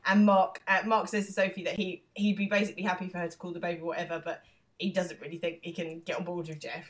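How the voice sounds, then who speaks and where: A woman with a somewhat low voice co-hosts a podcast, chatting casually as she walks through a TV episode scene by scene. She slips into the characters' lines as she retells them. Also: flat delivery. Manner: retells scenes with quick quoted lines and frequent laughs. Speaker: podcast co-host. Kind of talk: casual chat recapping a TV episode.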